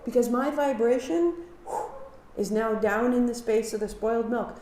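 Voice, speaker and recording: A woman teaching a live kundalini yoga class, giving calm movement cues and sharing earnest reflections. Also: a little high, normal speed, a little hiss or hum. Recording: echoey room.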